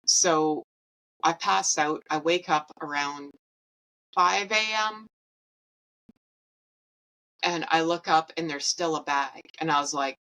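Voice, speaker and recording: Low bright-toned woman telling a personal story. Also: normal speed, vocal fry, rough recording. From Canada. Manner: animated, acts out quoted dialogue; candid and self-mocking, laughs while telling. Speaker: podcast host.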